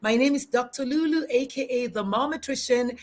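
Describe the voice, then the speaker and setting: A middle-aged woman hosting a live-streamed casual chat from her backyard, bubbly and animated, laughing often and restarting sentences. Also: high-pitched, fairly quick. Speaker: talk show host. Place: backyard, outdoors.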